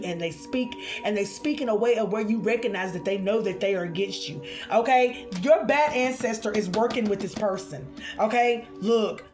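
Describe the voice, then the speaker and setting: A woman doing a spiritual card reading for her viewers, expressive and chatty, calling them honey and y'all. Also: a little high.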